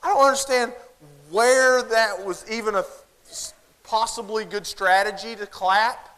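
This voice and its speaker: Unhurried and smooth, a high-voiced Southern man delivers a funny conference keynote, animatedly storytelling and voicing parents and children. Audience laughter and large-venue reverb fill the recording from the big conference hall.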